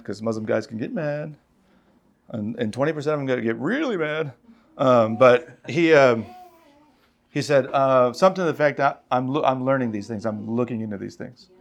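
A man preaching in a conversational, storytelling way, rising in pitch when he reads scripture. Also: moderate pace. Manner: conversational, tells stories, rises when reading scripture. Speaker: pastor. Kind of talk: sermon.

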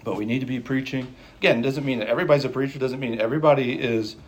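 Young guy preaching a sermon, urgent, says things twice, speeds up and slows down. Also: mid-range voice. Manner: emphatic, repeats lines for stress, speeding up and slowing down. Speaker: pastor.

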